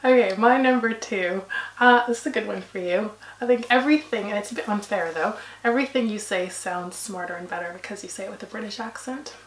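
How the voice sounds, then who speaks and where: A woman from Canada co-hosting a casual couple's vlog, chatty and quick to laugh. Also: medium pitch. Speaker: vlog co-host. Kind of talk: casual chat. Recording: echoey room.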